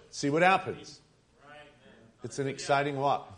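A man preaching a sermon, speaking haltingly with many fillers and restarts. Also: medium pitch. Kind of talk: sermon with a read-aloud story.

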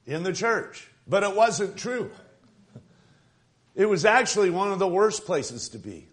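A man's voice: a little high, fairly bright tone. A male pastor giving an emphatic evening sermon, repeating phrases and asking his congregation "right?".

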